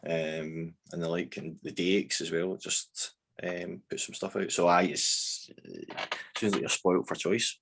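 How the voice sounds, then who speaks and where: A man's voice: sits low, steady tone, unhurried, vocal fry, fairly bright tone, husky. A man with a Scottish accent, a band member chatting casually in an interview, rambling with many fillers and restarts. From Scotland.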